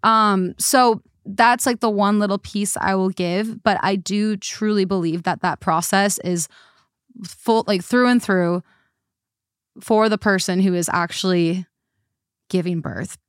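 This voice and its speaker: Woman guest co-host, smooth voice, dry close mic, casual and emphatic. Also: mid-range voice, steady tone, unhurried, no echo. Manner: emphatic, repeats herself with fillers. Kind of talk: casual podcast chat.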